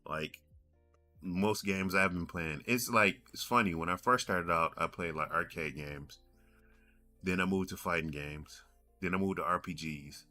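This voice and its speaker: Faint music sits behind this man's low, unhurried voice, bright and forceful in tone. He's a gaming podcast host in his forties whose casual monologue wanders, circling back and repeating things along the way.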